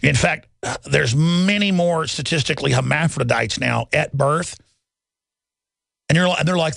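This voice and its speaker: Gravelly, combative radio talk host. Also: male voice, fairly high pitch, normal speed, pauses often, fairly bright tone, dry recording. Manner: combative, mocking, swerves into sneering impressions of critics. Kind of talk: rambling political radio monologue. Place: radio studio.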